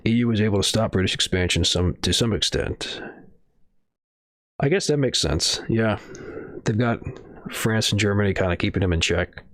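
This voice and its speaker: Deep-voiced man rambling on stream. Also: normal speed, long pauses, a bit bright, dry recording, studio quality. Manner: rambling, profane, hedging with fillers. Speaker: streamer reading news. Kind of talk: casual live-stream commentary.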